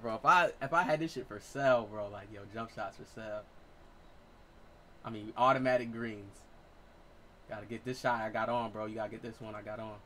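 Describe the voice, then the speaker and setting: A man in his late twenties giving excitable, profane live gameplay commentary as a streamer, trash-talking. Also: fairly low pitch, fairly quick, slight background noise. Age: 20s. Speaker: gaming streamer.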